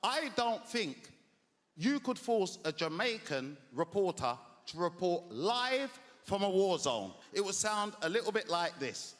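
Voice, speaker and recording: A British man doing a stand-up routine with lively, mock-newsreader delivery. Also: sits high, measured pace. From Britain. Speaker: stand-up comedian. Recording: long reverb of a large hall.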